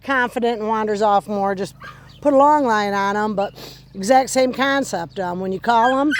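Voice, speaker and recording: A woman calmly explaining puppy recall training while walking outdoors on her rural property. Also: mid-range voice, slight background noise. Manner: calm, unhurried explaining. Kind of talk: casual instructional walk-and-talk.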